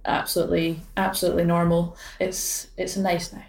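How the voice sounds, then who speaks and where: A woman's voice: on the low side, fairly even intonation, normal speed, darkish tone. A Scottish woman in her late twenties, a badminton player speaking as a guest, talking thoughtfully with hesitations, fillers and restarts. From Scotland. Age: late 20s. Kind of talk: casual interview chat. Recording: roomy sound from a distant mic.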